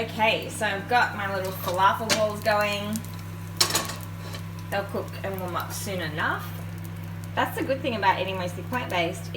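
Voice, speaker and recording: A young woman chatting casually as she cooks, talking to the camera in a chatty, self-mocking way with quick giggles. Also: mid-range voice, reverberant, noisy background. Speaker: cooking vlogger. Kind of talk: casual cooking chat. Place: home kitchen.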